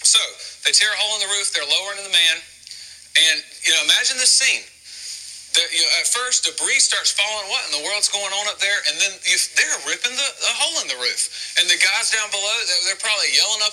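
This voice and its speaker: A man preaches to his church in a very bright, piercing voice that sits a little high for a man. He asks his listeners question after question and acts out the scenes of the story. He often stumbles, restarts, and repeats his words as he goes. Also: expressive, brisk, poor audio. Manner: asks the congregation many rhetorical questions. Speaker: pastor. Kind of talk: sermon.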